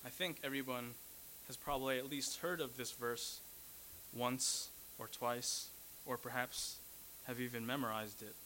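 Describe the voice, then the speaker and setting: A man's voice: mid-range voice, steady tone, unhurried, bright, forceful tone, a little hiss or hum, poor audio. A man preaching a sermon, teaching earnestly, repeating key phrases and correcting himself mid-sentence.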